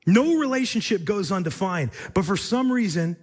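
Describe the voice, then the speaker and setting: A man's voice: high voice, animated, moderate pace. A male pastor preaching a sermon with emphatic, repetitive rhetorical phrasing.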